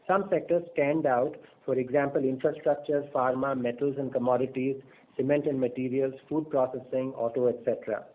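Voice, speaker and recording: A man presenting as a bank executive on an earnings call, speaking in in a measured way, with frequent fillers and restarts. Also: medium pitch. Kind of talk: business presentation on a conference call. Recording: phone-line audio.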